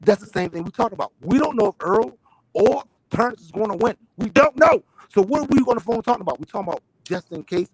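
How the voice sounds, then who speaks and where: A man's voice: high-pitched, animated, fast talker, husky, dry recording, poor audio. A middle-aged man in a heated boxing debate over a voice call, insistent, repeating his questions and swearing. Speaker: panel debater. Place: online voice call.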